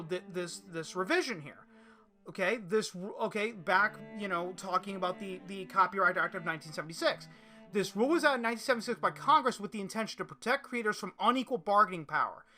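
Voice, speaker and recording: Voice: medium pitch, fairly quick, pushed and bright, soft background music. A podcast host delivering an opinion monologue and reading articles aloud, often restarting and repeating words.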